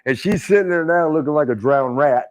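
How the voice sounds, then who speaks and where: A man's voice: fairly high pitch, a little fast, a little mellow. An older man telling a rowdy story in casual chat, laughing often, swearing and acting out quotes. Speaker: wrestling legend guest. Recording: dull lo-fi stream audio.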